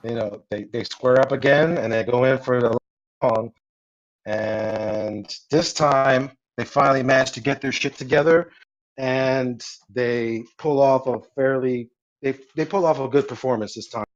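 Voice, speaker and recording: A man's voice: mid-range voice, unhurried. Guy running a tabletop game, rambly and casual, fillers everywhere, kinda dull lo-fi sound. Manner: loose, rambling narration with many fillers. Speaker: game master.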